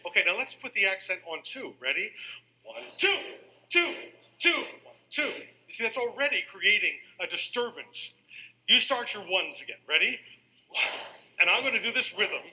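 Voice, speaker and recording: Bright, animated male music lecturer. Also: sits high, a little fast, rough recording. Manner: animated, leads the audience in counting and rhythm. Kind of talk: lecture to a live audience.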